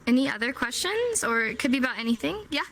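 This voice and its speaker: A woman teaching a sign language class in a relaxed, teasing way, slowing down to model each phrase. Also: sits high, no echo, poor audio. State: hot and sweaty. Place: warm room, virtual reality class.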